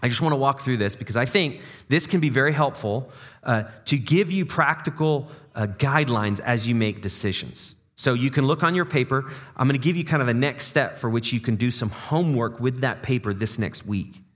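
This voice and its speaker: A man's voice: mid-range voice, animated, brisk, fairly bright tone. Conversational male pastor preaching. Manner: conversational, asks the congregation questions and repeats words as he thinks aloud; jokey dad-joke asides. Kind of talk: sermon. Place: church service before a congregation.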